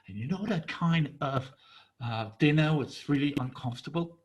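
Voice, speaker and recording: A man from Denmark, a native Danish speaker, telling a folktale in English with a playful, animated manner. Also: fairly high pitch, moderate pace, dull audio. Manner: animated, playful, laughs often. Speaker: storyteller. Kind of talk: oral storytelling to an audience.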